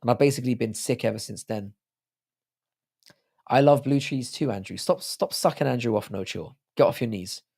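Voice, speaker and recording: A British man hosts a livestream, bantering crudely and joking with his viewers. His voice is hoarse from a sore throat and has a gravelly rasp. It sits at an ordinary middle pitch. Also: normal speed, darkish tone. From United Kingdom. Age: adult with a child. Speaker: livestream host. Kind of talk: casual livestream chat reading out viewer comments.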